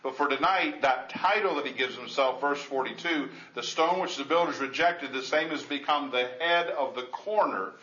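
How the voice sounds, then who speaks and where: Bright-voiced preacher man in an echoey room. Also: medium pitch, normal speed, few pauses. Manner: conversational, with frequent restarts and repeated words; reads scripture aloud in old formal wording. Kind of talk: expository Bible teaching sermon. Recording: echoey, dull lo-fi room recording.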